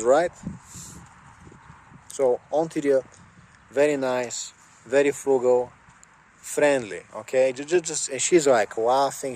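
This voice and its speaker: A man's voice: medium pitch, slow, pauses often, a little mellow. A man chatting casually and rambling with lots of fillers, recorded on a phone outdoors beside a car. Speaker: vlogger. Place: outdoors by a car, jump-starting it.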